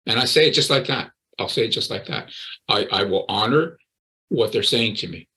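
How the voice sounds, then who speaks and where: A man's voice: on the low side, animated, normal speed, bright, forceful tone, poor audio. Blunt older male recovery coach. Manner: blunt, direct, emphatic. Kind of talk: interview conversation.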